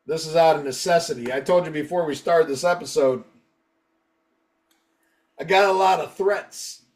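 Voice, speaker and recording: A man's voice: fairly high pitch, moderate pace, far from the mic. A man hosting a podcast, chatting loosely and joking with plenty of swearing. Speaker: podcast host. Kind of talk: casual podcast chat.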